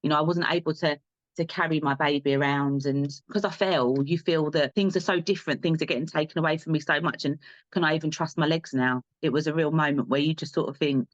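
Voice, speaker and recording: A woman's voice: sits low, fast, no room sound, dull audio. A young adult woman from England, speaking as a podcast guest in candid interview talk, earnest and driven, repeating herself for emphasis.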